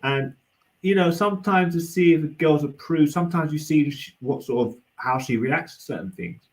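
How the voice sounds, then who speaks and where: This young adult man, a panel guest in a casual livestream debate, has a fairly high voice with lively intonation and a moderate pace. He rambles hesitantly, restarting often and using lots of fillers, over poor audio.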